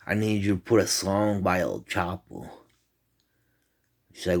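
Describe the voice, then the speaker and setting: Low-voiced man rambling through a story. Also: measured pace, gravelly, long pauses. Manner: animated, profane, rambling. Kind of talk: casual retelling of a dream.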